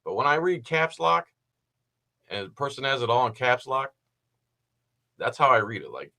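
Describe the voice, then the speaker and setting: Male host, bright tone, chatty and sarcastic commentary. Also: medium pitch, very animated, normal speed, vocal fry, long pauses. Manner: rambling, sarcastic asides. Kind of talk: casual commentary on a video.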